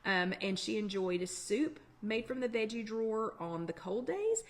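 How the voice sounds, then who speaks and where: A woman hosting a live online workshop chat, talking fast in a chatty, encouraging way. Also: medium pitch, sing-song. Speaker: workshop host. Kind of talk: casual live-stream chat.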